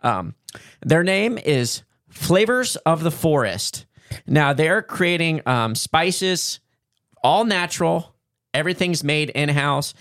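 A man co-hosting a podcast, chatting casually and reading an upbeat sponsor pitch. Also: lively intonation, slow pace, a bit bright, no room sound, clean studio sound. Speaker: podcast co-host. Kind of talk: casual chat and sponsor read.

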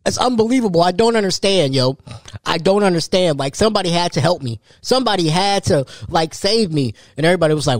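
Man, solo podcast host; lively storyteller, slightly high pitch, dry sound. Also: quick pace, dry recording. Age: 30s. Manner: animated storytelling, jumps high for quoted voices.

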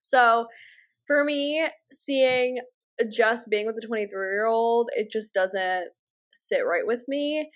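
A woman co-hosting a podcast, chatting casually with slang, swearing and quick bursts. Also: fairly high pitch. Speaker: podcast co-host. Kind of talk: casual chat.

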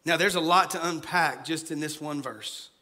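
A man preaching a sermon as pastor, dropping to a hushed voice when he acts out scripture. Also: fairly high pitch, normal speed.

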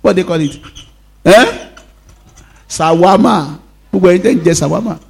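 A pastor with a high, light voice preaches a sermon, calling out to the congregation for responses and repeating key lines for emphasis. He shifts between quick bursts and slow, drawn-out phrases, his voice creaky, with a little hiss or hum.

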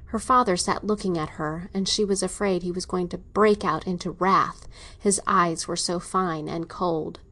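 A woman narrating a classic novel in a steady, even storytelling manner. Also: on the low side, moderate pace. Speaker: audiobook narrator. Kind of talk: scripted narration.

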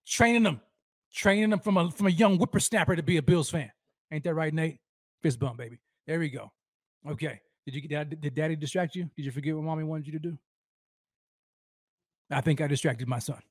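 A man's voice: a little high, a little fast, long pauses, no echo, studio quality. A man hosting a live sports fan show, hyped and rambling, with slangy street talk and lots of repeats.

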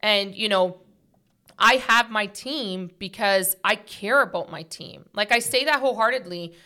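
Bright-voiced chatty woman. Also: mid-range voice, unhurried. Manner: earnest, talkative, many "like" and "right?" fillers. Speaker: podcast host. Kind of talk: casual heart-to-heart chat.

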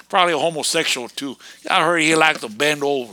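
A man ranting in a fiery, erratic preaching monologue, breaking into sudden shouted bursts. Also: a little high, steady tone, a little fast, hardly any pauses, dry recording.

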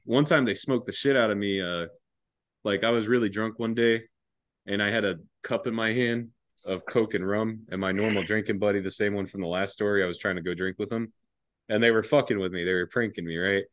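Young man, lowish voice, laid-back profane storyteller on a podcast. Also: fairly even intonation, a little fast, a bit bright, no echo. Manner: laid-back, laughing often, heavy swearing. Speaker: podcast guest, former enlisted soldier.

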